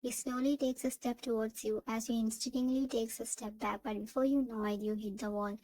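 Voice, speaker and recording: A woman reading second-person fan fiction narration in an even, steady way. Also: a little high, fairly quick, no echo, low-quality recording.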